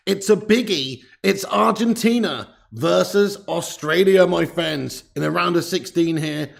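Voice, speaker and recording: Brief: male streamer hosting a football watch-along, gravelly and excitable, casual and sweary. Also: sits high, a little slow, hardly any pauses. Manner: excitable and chatty, casual swearing, greets chat viewers.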